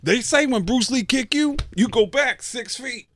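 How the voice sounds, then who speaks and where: Male impressionist doing a brash, high-pitched, sing-song comedian bit, offbeat punchlines, dry close mic. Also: unhurried, dry recording. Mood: boastful. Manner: loud, sing-song delivery with odd punchlines.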